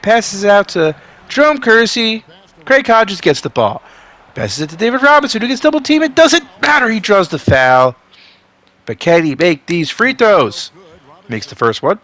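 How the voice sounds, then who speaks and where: A man doing play-by-play for a basketball video game simulation, swinging from calm asides to excited outbursts, a bit sick. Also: high-pitched, normal speed. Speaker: video game sim commentator. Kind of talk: play-by-play commentary.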